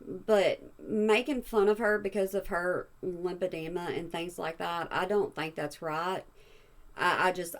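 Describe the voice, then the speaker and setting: A woman's voice: lowish voice, sharp tone. A woman hosting a reaction channel, talking back to a clip in a blunt, exasperated way. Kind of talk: reaction commentary.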